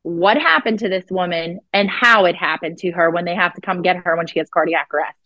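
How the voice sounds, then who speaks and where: Blunt, animated woman telling a wild story. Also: on the low side, a little fast, no echo, muffled recording. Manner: blunt, profane, acts out quoted dialogue. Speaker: psychic guest. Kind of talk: animated storytelling in a podcast interview.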